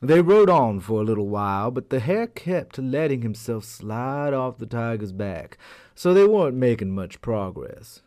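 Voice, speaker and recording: A man telling a folk tale aloud as a storyteller, in an expressive, unhurried manner. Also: mid-range voice. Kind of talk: animated storytelling.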